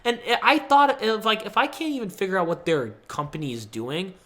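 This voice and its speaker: A young man hosting a podcast, casually telling a personal story and acting out the people he quotes with big pitch jumps. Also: wildly swooping pitch, fairly quick, fairly bright tone. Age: young adult. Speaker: podcast host.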